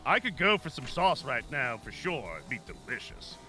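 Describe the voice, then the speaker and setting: A man's voice: mid-range voice, moderate pace, faint music behind. A man chatting casually on a stream while building a model kit, joking and riffing with quips. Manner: jokey, animated, riffing with quips.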